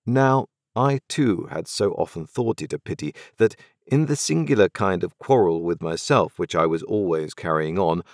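A man narrating a novel in the first person, measured and reflective. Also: low-pitched, no echo, clean studio sound. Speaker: audiobook narrator.

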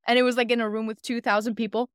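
A woman's voice: a little high, flat delivery, smooth, no room sound, studio quality. A woman co-hosting a podcast in casual chat, reflective, quoting her own thoughts aloud. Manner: reflective, quick-spoken, drops into quoted self-talk. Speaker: podcast co-host.

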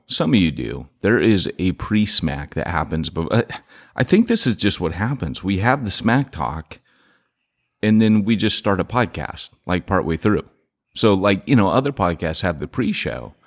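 A man's voice: sits low, big pitch swings, moderate pace. A man co-hosting a podcast, joking around in casual, playful banter. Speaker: podcast co-host. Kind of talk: casual chat.

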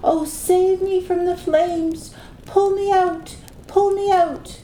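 A woman voicing a high imploring snake maiden. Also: lively intonation, takes it slowly, warm tone, roomy sound, a little hiss or hum. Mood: desperate. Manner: imploring, urgent.

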